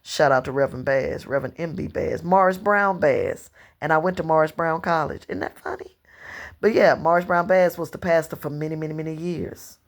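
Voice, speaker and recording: A woman in her fifties from Louisiana with a Southern accent, telling long personal stories to camera in an unhurried, rambling way. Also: low-pitched. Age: 50s. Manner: unhurried storytelling, drawn-out phrasing, slips into dialect and quoted voices. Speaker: vlogger.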